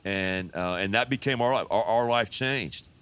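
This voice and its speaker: Man, 50s, pastor, deep voice, folksy testimony storyteller. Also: normal speed, a bit bright, smooth. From Texas.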